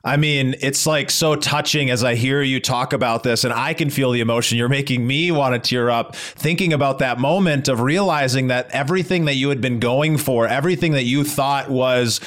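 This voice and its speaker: A male podcast host answers his guest in an earnest, sympathetic way. He thinks aloud in a mid-pitched voice. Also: moderate pace, few pauses, fairly bright tone. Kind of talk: reflective interview reply.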